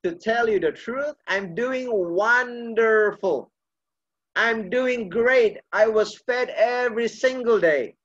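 Preacher playing a humble praying pastor. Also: male voice, extremely high pitch, takes it slowly, a bit bright, dull audio, heavily acted. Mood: joyful. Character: small thin male pastor, humble and prayerful.

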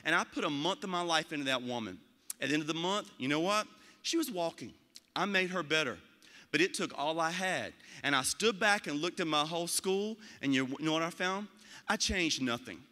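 Guy giving a pep talk, bright voice, kinda high, big echo in the hall. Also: normal speed. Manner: animated storyteller, acting out quoted voices. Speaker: school leader giving a talk. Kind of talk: motivational speech.

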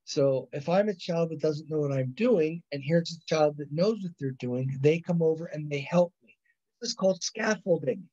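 A man's voice: on the high side, lively intonation, moderate pace, dark tone. A man teaching a college psychology class over a video call, rambling and correcting himself often, checking in with "right?" and "you know". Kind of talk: recorded online lecture. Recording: dull lo-fi video call audio.

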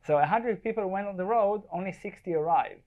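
A man talks through his slides to a live audience at an event space. He is relaxed and joking, and he often stops to check in with the room. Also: high-pitched, a little fast, narrow, tinny audio. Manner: chatty, jokey, checks in with the audience. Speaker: wildlife photographer giving a talk.

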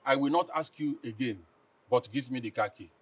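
A man's voice: medium pitch, fairly quick, slightly rough, natural voice. An actor playing a crude, boastful Nigerian chief who mocks his wife, with a Nigerian accent, recorded from a distance. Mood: scolding. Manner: mocking, taunting, crude. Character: boastful philandering middle-aged chief, crude. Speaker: husband and chief. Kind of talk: Nollywood film acting.

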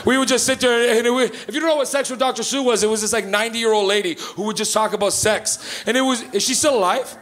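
A man's voice: extremely high pitch, fast talker, few pauses, a bit bright. A Canadian man in his thirties doing stand-up on a club stage, telling stories full of swearing and laughing at his own jokes. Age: 30s. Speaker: stand-up comedian. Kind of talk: stand-up comedy set. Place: comedy club stage, live audience.

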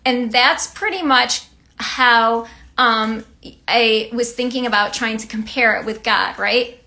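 A woman's voice: a little high, slow, bright, forceful tone. A woman giving a casual devotional teaching. She talks in a chatty way, often asks "right?" and laughs lightly. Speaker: Christian teacher and vlogger.

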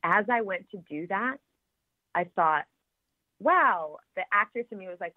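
A woman, an actress being interviewed, chatting in a lively way and laughing often. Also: mid-range voice, unhurried, no echo. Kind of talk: casual interview chat. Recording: tinny phone-like line, dry.

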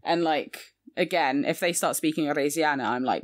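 A woman's voice: sits low, brisk, hardly any pauses. A woman, co-hosting a podcast in casual chat and often laughing. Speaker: occasional co-host.

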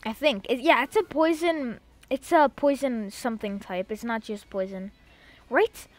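A young woman talks through her gameplay in a high voice, rambling to herself and breaking into loud cheers. She records close to a desk mic in a dry, dead room. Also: unhurried, dry recording, faint music behind. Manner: excitable, loud outbursts, rambling self-talk. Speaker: gamer. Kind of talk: casual let's-play commentary.

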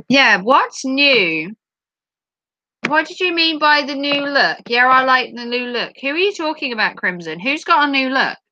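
Bright high-voiced woman streamer chatting. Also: big pitch swings, unhurried, pauses often, no room sound, muffled recording. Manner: giggly, playful, reacts aloud to chat. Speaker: livestream host. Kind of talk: casual live chat reading viewer comments.

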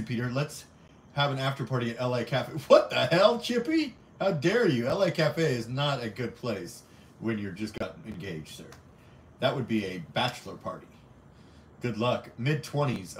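During a casual livestream, a young man with a mid-range voice teases viewers profanely while reading their comments, laughing frequently. The distant mic leaves the audio off-mic, echoey, and faintly humming.

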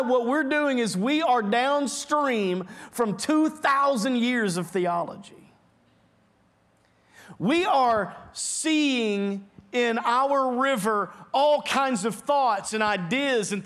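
A male pastor with a notably high voice delivers an earnest sermon in a church sanctuary. He presses his points hard and often repeats a word as he restarts a phrase. His voice is carried by a mic for a livestream. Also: a bit bright. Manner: earnest, emphatic preaching with quick repeated restarts.

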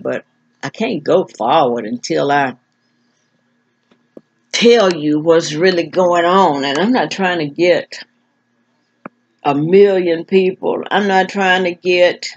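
Slightly rough and fairly low in pitch, this older woman's voice comes through a dull lo-fi recording. Talking casually and personally to her camera as a vlogger, she is frank and plain-spoken, though her words come with effort, stumbles, and repetition while she searches for them.

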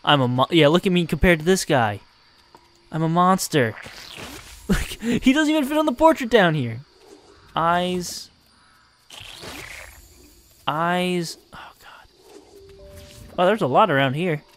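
A man giving excitable, exasperated gameplay commentary and laughing often as he plays. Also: high-pitched, slow, long pauses, slight background noise. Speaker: let's play host.

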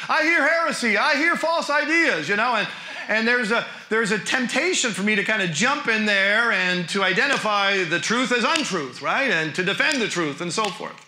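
A high-voiced man with a sharp, forceful tone gives an animated teaching lecture, asking the crowd question after question. He speaks as a New Testament professor. The sound is roomy, as if in a church hall. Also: normal speed. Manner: animated, with frequent rhetorical questions.

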